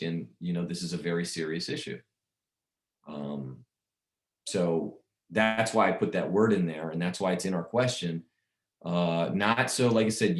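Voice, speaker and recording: A man's voice: low-pitched, reverberant. A man casually coaching insurance agents on sales calls, rambling and repeating himself as he talks. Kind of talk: casual sales training talk.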